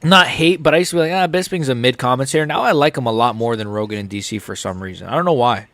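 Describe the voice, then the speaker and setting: A man's voice: medium pitch, lively intonation, quick pace, a bit bright, dry recording. A young American man hosting a live stream, reacting to fights in a rambling, casual, jokey way.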